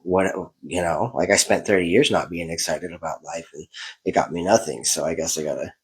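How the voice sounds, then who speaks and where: A man's voice: sits low, brisk, slightly rough, rough recording. A man in his thirties co-hosting a podcast, talking in a rambling, candid, self-reflective way. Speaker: podcast co-host. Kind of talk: casual podcast chat.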